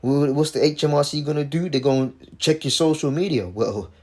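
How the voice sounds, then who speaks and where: A man's voice: on the high side, steady tone, fairly quick. A man in casual religious commentary who preaches emphatically, repeats himself and keeps saying "man".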